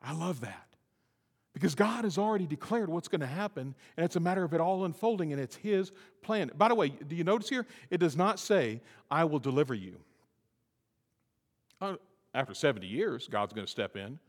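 A middle-aged male pastor preaching a sermon, rising to loud, emphatic peaks and dropping to slow, quiet lines. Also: animated, breathy edge, in a large hall. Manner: climbs to high, emphatic peaks and drops to soft, slow lines.

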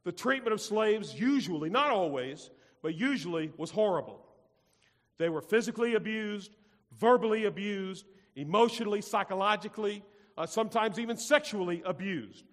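A high-pitched male pastor delivers an emphatic sermon, repeating phrases and firing questions at his congregation. His voice rings out with a long reverb, as if heard across a big church hall. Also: fairly bright tone.

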